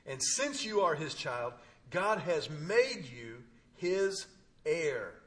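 A man preaching, telling a personal story with humor and emphatic pauses. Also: on the high side, very animated, a bit bright. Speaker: pastor. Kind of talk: sermon.

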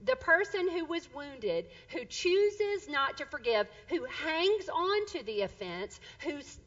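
A middle-aged woman preaching with a high, bright voice that carries a story along with animated energy and ready laughter. The recording sounds dull and lo-fi. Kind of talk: sermon.

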